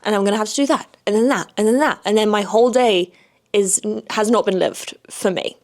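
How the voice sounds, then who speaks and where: A woman's voice: medium pitch, brisk, a little mellow. Blunt, sweary woman podcaster. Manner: blunt and frank, swears freely, repeats "okay?" for emphasis. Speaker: podcast host. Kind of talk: casual solo podcast monologue.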